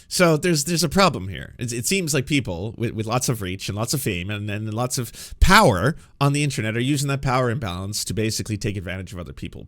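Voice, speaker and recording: A man's voice: fairly low pitch, fairly bright tone, no echo, clean studio sound. A man hosting political commentary, ranting in a profane, sarcastic, emphatic way.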